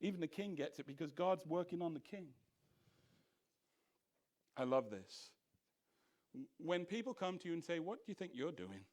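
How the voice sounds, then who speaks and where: A pastor leads a church Bible study with a somewhat high male voice. He is animated and fires off rhetorical questions. He briefly acts out the voices of scoffers.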